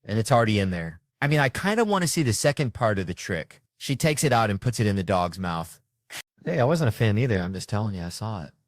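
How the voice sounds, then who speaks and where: A man doing stand-up, telling a crude, animated story full of swearing. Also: fairly low pitch, fast talker, hardly any pauses. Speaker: comedian.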